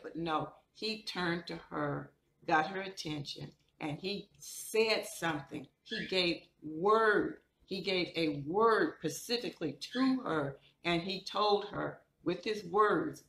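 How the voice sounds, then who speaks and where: Low-voiced woman preaching in an echoey room. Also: unhurried, a bit bright. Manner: emphatic, repetitive, colloquial storytelling. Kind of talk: sermon.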